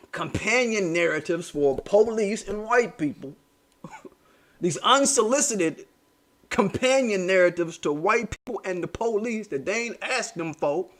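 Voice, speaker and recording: A commentary channel host with a fairly high, slightly bright voice rants heatedly to his audience. He leans heavily on street slang and profanity and repeats himself for emphasis.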